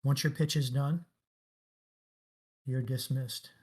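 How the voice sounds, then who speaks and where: A man's voice: medium pitch, steady tone, slow pace, a little mellow. A middle-aged man talking as a guest in a casual interview, telling stories enthusiastically and with emphasis. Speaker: guest, game industry veteran.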